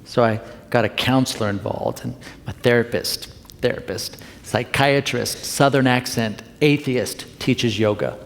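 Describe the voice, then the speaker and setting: A man's voice: medium pitch, a little slow, gravelly, slight background noise. A middle-aged male minister giving a conversational, confessional Sunday talk with playful asides to the congregation. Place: church sanctuary. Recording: long hall reverb.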